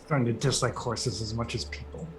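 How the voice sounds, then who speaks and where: A man playing a character in a tabletop game, talking in a relaxed, chatty way. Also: medium pitch, a little fast. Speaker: player. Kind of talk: casual tabletop play. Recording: audible background noise.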